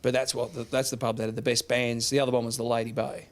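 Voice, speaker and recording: A man's voice: medium pitch, flat delivery, fast talker, a little hiss or hum. A man with an Australian accent, a rock musician telling stories in a casual interview, laid-back and laughing, swearing freely.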